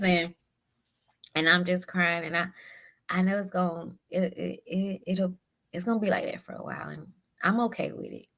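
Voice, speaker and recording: A woman guest telling a personal story in a halting, emotional way, often repeating her words. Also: on the low side, steady tone, vocal fry, a bit bright. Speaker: podcast guest.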